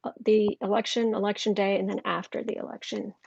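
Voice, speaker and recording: A woman's voice: mid-range voice, flat delivery, a little fast, creaky, a little mellow, husky, dry recording, muffled recording. Chatty woman reading tarot live. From United States. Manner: chatty, thinking aloud with restarts. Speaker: tarot reader.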